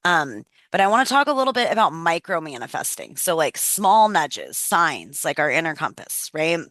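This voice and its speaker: A woman's voice: low-pitched, very animated, normal speed, a bit bright, no echo. A woman in her thirties leading a wellness workshop on a video call, telling personal stories in a chatty, candid way and swearing freely.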